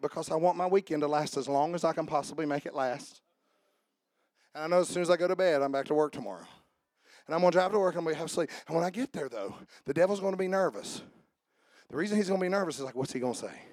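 A male pastor delivering an emphatic sermon, his voice sitting high for a man. He shouts key lines with fervor and then drops into quiet, conversational asides. The sound is dry and close on the mic, with little room. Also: no room sound. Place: church sanctuary.

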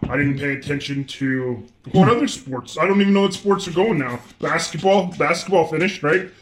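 A man's voice: on the high side, moderate pace. A man co-hosting a podcast over a video call, joking and swearing in a rambling, casual chat. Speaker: podcast co-host.

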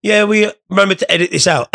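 A man's voice: high-pitched, brisk, vocal fry, pushed and bright. A young man hosting a casual podcast, rambling, swearing and joking while stoned. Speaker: podcast host.

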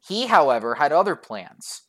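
A woman tells a personal story to her viewers with exasperated sarcasm and frequent swearing. Her pitch swings widely between phrases, which gives the telling a lively, animated feel. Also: moderate pace. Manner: profane and sarcastic. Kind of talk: storytime vlog narration.

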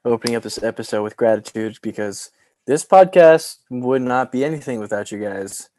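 Lively, joking podcast host guy. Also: medium pitch, normal speed, no room sound. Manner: playful, joking, animated. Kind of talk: casual chat.

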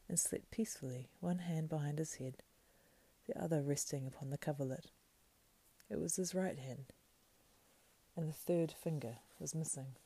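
Hushed, gravelly woman reading a fantasy tale. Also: deep voice, no room sound. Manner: slow, hushed, breathy, unhurried. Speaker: reader. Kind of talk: soft, partly whispered fantasy book reading.

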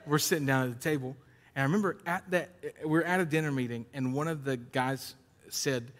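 Man preaching with a hall echo. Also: a little fast. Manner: conversational preaching, swings from loud emphatic to low storytelling. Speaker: pastor. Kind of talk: sermon. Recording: long hall reverb.

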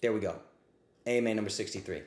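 His voice fairly low and darkish, this podcast host talks fast in a roomy space while answering questions on a livestreamed ask-me-anything. The delivery is an impassioned, blunt rant full of profanity, and he's riled up enough to say he is getting heated.

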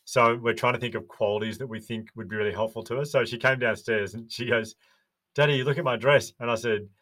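A man's voice: mid-range voice, steady tone, quick pace, bright, forceful tone. An earnest man with an Australian accent, telling parenting stories as a podcast guest in casual chat. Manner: earnest, storytelling with quoted dialogue.

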